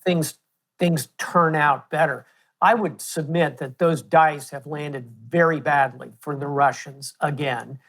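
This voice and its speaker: A man in his sixties with an American accent, a guest answering interview questions in a measured, storytelling way. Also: fairly high pitch, fairly even intonation, fairly bright tone. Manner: measured, storytelling with historical examples. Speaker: guest, retired admiral.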